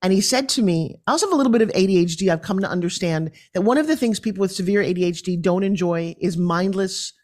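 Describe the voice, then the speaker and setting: A woman's voice: mid-range voice, fast, hardly any pauses. Forthright New York woman telling stories. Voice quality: animated and forthright. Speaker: guest. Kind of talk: podcast interview storytelling.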